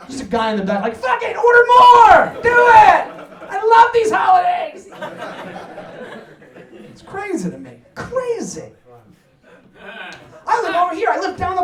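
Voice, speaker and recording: New guy doing standup, sweary + loud, echoey room, crowd cracking up. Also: extremely high pitch. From United States. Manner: energetic, profane, loud punchy outbursts. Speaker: stand-up comedian. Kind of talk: stand-up comedy set. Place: New York apartment with live audience. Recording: echoey room, mic at distance, audience laughter.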